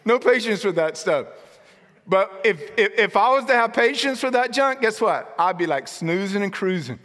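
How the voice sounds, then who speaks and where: Man preaching, lively jokey storytelling, bright forceful voice, long hall reverb. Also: sits high, moderate pace. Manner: animated, jokey storytelling with shouted outbursts. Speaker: pastor. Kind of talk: sermon.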